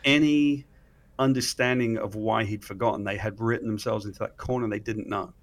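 In an interview, a British comic writer tells a story casually at a fairly quick clip, his pitch fairly low. He's lively in the telling and voices the quoted dialogue as he goes.

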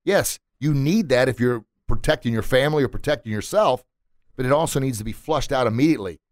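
A man's voice: medium pitch, quick pace, dry recording. A middle-aged man hosting a motivational podcast from a recording studio, preachy and emphatic, hammering points home by repeating words. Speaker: podcast host. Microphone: studio mic.

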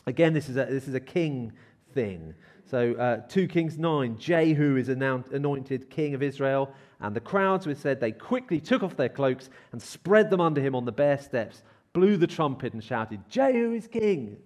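A man preaching a sermon in church, lively and acting out crowd shouts as he reads and explains scripture. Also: mid-range voice, normal speed. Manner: animated, acts out crowd shouts.

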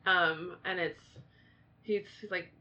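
A woman co-hosting a casual chat, rambling and animated with many fillers. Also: lowish voice, slow. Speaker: podcast co-host. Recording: dull lo-fi sound.

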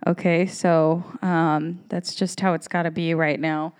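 A woman's voice: on the low side, little pitch movement, unhurried, clean tone. A woman in her thirties hosting a podcast, talking in a candid, rambling, profane way. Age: 30s. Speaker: podcast host. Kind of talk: casual monologue.

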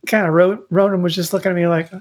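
A man's voice: high-pitched, flat delivery, fast. An older man, a grandfather, chatting casually over a video call with dry, teasing humor. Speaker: podcast co-host, grandfather. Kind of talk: casual chat.

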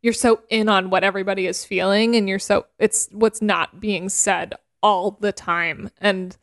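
A woman's voice: medium pitch, steady tone, moderate pace. A woman co-hosting a podcast in casual chat, retelling scenes animatedly and laughing as she talks. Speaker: podcast co-host.

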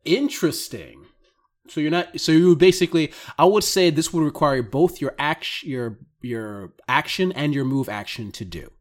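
A man's voice: a little high, animated, moderate pace. A man narrating as game master of a tabletop role-playing game, easygoing and often laughing.

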